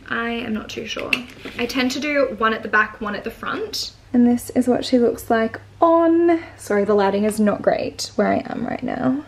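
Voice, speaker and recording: A woman with an Australian accent talks through an unboxing in an easy, gushing vlog manner, full of likes and little ums. Her voice sits somewhat high, and faint noise hums beneath it from an indoor room at home. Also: fairly bright tone. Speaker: vlogger.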